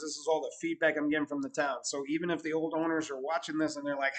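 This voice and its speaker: Middle-aged guy vlogging about his bar, fairly high voice, gets loud then drops to a mumble. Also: fast, poor audio. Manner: animated, swearing, swings from loud excitement to low mutters. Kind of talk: casual storytelling vlog.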